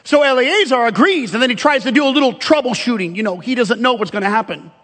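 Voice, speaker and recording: A man preaching a sermon, animated and emphatic, joking with the congregation between scripture readings. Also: extremely high pitch, quick pace. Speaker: pastor. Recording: long hall reverb.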